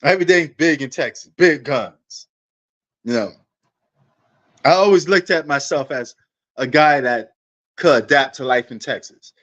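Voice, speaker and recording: A man's voice: on the high side, measured pace, long pauses, a bit bright, dull audio. A man hosting a sports livestream, rambling in a laid-back, casual way and talking straight to his viewers.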